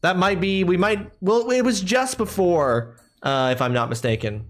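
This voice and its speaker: A man with a high-pitched voice streams a video game live, joking around and chatting with his viewers between rounds. He talks at a normal speed with hardly any pauses, and game music plays behind him.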